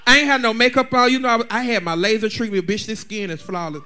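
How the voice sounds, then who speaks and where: A man chatting as a drag performer guest, telling bawdy stories in an animated, laughing way. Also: sits high, fast. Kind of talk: casual chat.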